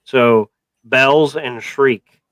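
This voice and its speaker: A man's voice: medium pitch, extremely slow, a crowd in the background, low-quality recording. A man co-hosting a casual movie review podcast, rambling with wry asides. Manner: rambling, many fillers and restarts, wry. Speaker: podcast co-host.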